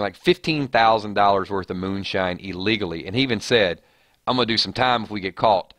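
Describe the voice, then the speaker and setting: A man's voice: medium pitch, fairly bright tone, no echo, studio quality. A man hosting a casual live stream, chatting and joking as he reads viewer comments. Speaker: livestream host. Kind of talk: casual chat.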